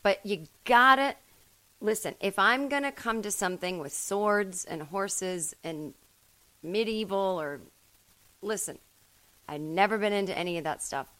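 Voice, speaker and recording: A woman hosting a solo comedy podcast from home, rambling and self-mocking, with sudden loud bursts. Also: mid-range voice, lively intonation, measured pace, no room sound, rough recording. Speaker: podcast host.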